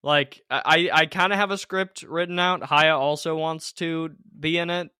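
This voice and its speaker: A man's voice: fairly high pitch, steady tone, moderate pace, sharp tone, smooth, no room sound, clean studio sound. A man hosting a podcast in casual chat, joking and bantering with his guests and laughing often. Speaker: podcast host.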